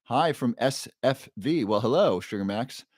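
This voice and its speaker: In clean studio sound with no room sound, a man speaks a little slowly in a medium-pitched, slightly mellow voice with lively intonation. He's a neuroscientist hosting a casual livestream, cheerfully reading chat names aloud and throwing in playful roars.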